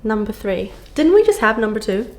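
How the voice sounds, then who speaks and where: A woman's voice: medium pitch, big pitch swings, brisk, background noise. A woman book vlogger chatting casually to camera, gushing and full of fillers, filmed at home on a camera on a stand.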